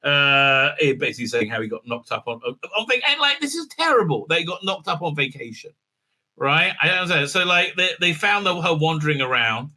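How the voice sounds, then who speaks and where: A man's voice: on the high side, very animated, a little fast, pushed and bright. A man hosting a casual spoken review, talking sarcastically, with many filler sounds and mocking impressions. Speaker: show host reviewing episodes.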